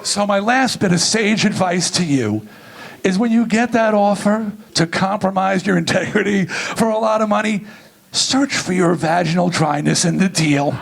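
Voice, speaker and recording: A middle-aged man giving a comedic, profane keynote and telling a story with lively energy. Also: high voice, moderate pace, creaky. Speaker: keynote speaker. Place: large event venue.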